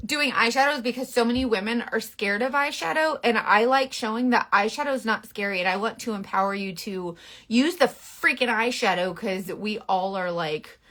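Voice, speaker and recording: A bright-voiced woman with a twang talks through a makeup tutorial to camera. She is frank and bossy in a playful way, tossing in quick asides as she goes. Her voice sits a touch high. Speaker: makeup influencer.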